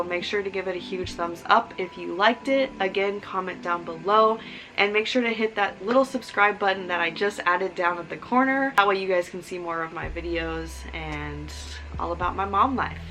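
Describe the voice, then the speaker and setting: In a casual, heartfelt vlog, a young woman who has just become a mother speaks earnestly, rambling with filler words and close to crying. Her mid-range voice is fairly bright at a normal pace, with soft background music and poor audio.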